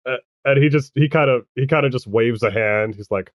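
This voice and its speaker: A man's voice: medium pitch, brisk, dry recording, highs cut off. A man narrating as game master of a tabletop game, hesitant and often restarting, with laughs.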